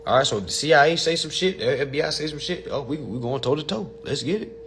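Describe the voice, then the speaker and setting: A man's voice: a little high, fast, background noise. A man hosting a casual livestream and answering viewer questions, blunt and profane, and often calling his listeners family.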